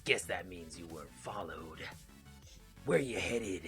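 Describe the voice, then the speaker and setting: A man voicing a deep-voiced, commanding male scrapyard gang boss. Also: animated, unhurried, sharp tone, soft background music, heavily acted. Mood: probing.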